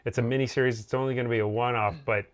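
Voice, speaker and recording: A man in mid pitch, neither high nor low, co-hosting a casual TV review chat. He rambles along, piling up fillers and starting sentences over as he thinks aloud. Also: fairly even intonation, very fast. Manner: rambling, heavy on fillers and restarts. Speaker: co-host of a TV review show.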